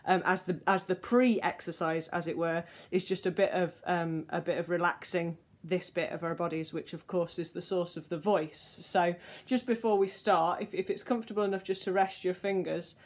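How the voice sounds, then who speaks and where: Woman, voice teacher, soothing and unhurried, leading a warm-up lesson. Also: fairly low pitch, steady tone. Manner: gentle, soothing, slow guiding instructions. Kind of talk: guided vocal warm-up lesson.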